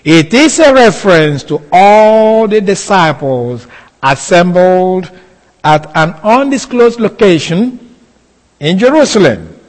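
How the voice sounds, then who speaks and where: A man delivers a Bible teaching at an unhurried, deliberate pace, his voice sitting a little high for a man. He leans on key phrases by saying them twice. His words ring out with a long reverb from the hall. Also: animated. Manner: slow, deliberate, repeating key phrases for emphasis. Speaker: preacher. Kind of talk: expository sermon.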